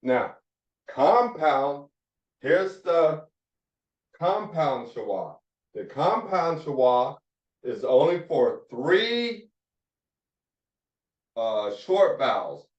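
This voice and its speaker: Slow-talking man teaching a class. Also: a little high, very animated, recorded from a distance. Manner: repeats points, checks with "all right?". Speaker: Hebrew teacher. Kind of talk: classroom phonics lesson. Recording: dull echoey classroom recording.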